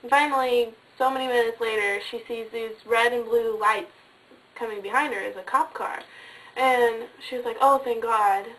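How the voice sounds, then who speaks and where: A woman casually telling a ghost story in a chatty way with lots of fillers, sometimes dropping to a hush. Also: on the high side, steady tone, moderate pace, recorded from a distance, poor audio. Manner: chatty, many fillers, drops to hushed tones.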